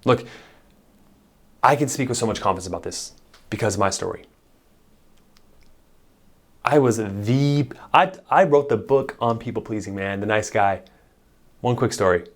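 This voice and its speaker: A man's voice: fairly low pitch, moderate pace, long pauses. A man, a marriage therapist, giving blunt, emphatic advice straight to camera with casual swearing. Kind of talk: direct-to-camera advice talk.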